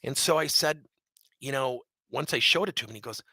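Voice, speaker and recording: A man leading a leadership training session, telling a coaching story with animated, acted-out dialogue. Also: mid-range voice, fairly quick, no echo.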